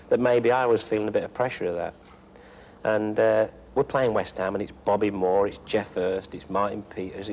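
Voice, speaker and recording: Ex-player interview, male, lowish voice, easy anecdotal delivery with a little background hiss. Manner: relaxed storytelling, acting out the manager's quoted lines. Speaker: former footballer.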